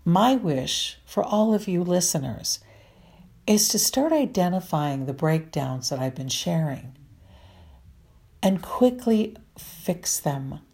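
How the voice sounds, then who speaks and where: A woman's voice: fairly low pitch, expressive, dark tone, breathy edge. A middle-aged woman marriage counselor giving earnest, repetitive advice to listeners. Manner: earnest, repetitive, slow and deliberate.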